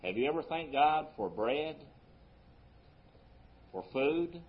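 Man, pastor, sermon, fairly high voice, loud rises and soft drops, dull lo-fi sound. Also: expressive, takes it slowly. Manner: preaching with sweeping rises and drops in loudness.

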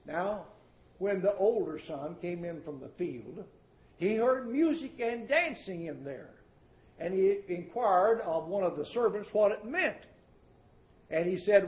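A high-pitched male preacher delivers a sermon, folksy and emphatic, dropping from loud declaiming into hushed asides. His voice rings through a roomy church. The old recording sounds muffled and dull. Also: expressive, a little slow. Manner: folksy and emphatic, repeats words for effect.

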